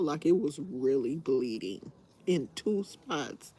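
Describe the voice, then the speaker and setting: A woman hosting a live stream, telling a story in a casual, animated way and laughing often. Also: deep voice, slow, slightly rough.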